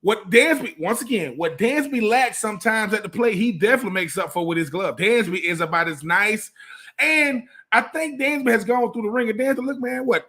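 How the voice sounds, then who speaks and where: Man, sports talk co-host, high voice, emphatic, drives points home by repetition. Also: lively intonation, a little fast, a bit bright. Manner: emphatic, repeats phrases for effect. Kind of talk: casual sports radio chat.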